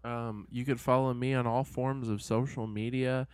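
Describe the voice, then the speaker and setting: A man's voice: medium pitch, level tone, normal speed, a little mellow, clear, resonant tone, no echo. A man co-hosting a comedy podcast, throwing in goofy, playful remarks. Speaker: podcast co-host. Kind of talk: casual comedic chat.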